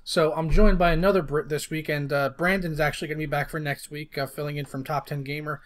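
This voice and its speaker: A man's voice: fairly high pitch, fairly even intonation, fast. An American man hosting a casual podcast, joking and laid-back as he chats. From United States. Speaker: podcast host.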